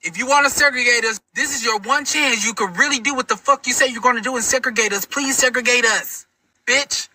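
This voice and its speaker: A man's voice: very high voice, brisk, bright, forceful tone, no room sound, rough recording. A man ranting to camera in a profane, defiant, emphatic way. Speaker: social media commentator.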